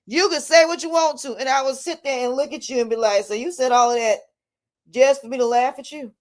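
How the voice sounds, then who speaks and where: High-voiced defiant woman vlogging. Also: a little fast. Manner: defiant, emphatic, repeats herself, laughs often. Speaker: vlogger, life coach. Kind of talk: casual monologue to camera.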